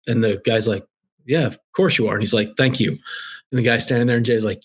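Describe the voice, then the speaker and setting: A man with a slightly husky voice tells a golf story as a guest on a show. He talks with lively energy, mimicking the people in the anecdote. The delivery is casual and conversational. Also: lowish voice, a little fast. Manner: lively anecdotal storyteller, acts out quoted dialogue. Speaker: guest author. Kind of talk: animated storytelling.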